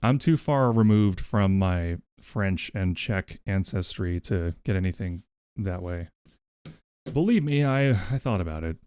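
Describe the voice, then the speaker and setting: A man's voice: low-pitched, expressive, a little slow, darkish tone, smooth, no echo, clean studio sound. A man streaming, chatting casually and thinking aloud about his story plot. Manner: rambling, thinks aloud with fillers. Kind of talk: casual livestream chat.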